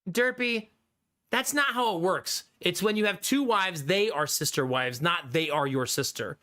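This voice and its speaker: A man's voice: high voice, unhurried, bright, forceful tone. A man from Ohio streaming live, chatting with viewers, joking around and laughing often into a good studio mic. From Ohio, USA. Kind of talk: casual live-stream chat. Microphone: studio condenser mic.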